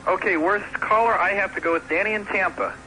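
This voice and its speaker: A man calls in to a talk radio show with a fairly high, bright voice. He rambles and hesitates while choosing his picks. A faint hiss sits under the line. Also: brisk, rough recording. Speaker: caller. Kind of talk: phone-in chat.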